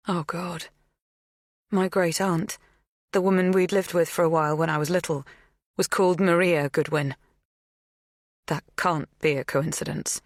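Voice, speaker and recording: A woman reading a thriller audiobook in measured, scripted first-person narration. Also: deep voice, fairly even intonation, no echo, studio quality.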